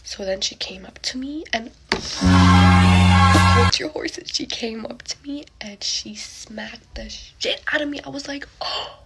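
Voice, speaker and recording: A young woman chatting through a get-ready-with-me storytime, full of fillers and breathy half-whispered asides as she acts out what everyone said. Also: fairly high pitch, moderate pace, hardly any pauses, music in the background.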